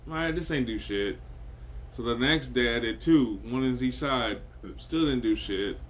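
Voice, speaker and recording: A man's voice: mid-range voice, fairly bright tone. A man, co-hosting a podcast, telling a story in casual chat with lots of stops and restarts. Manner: halting, restarts a lot while telling a story. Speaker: podcast co-host.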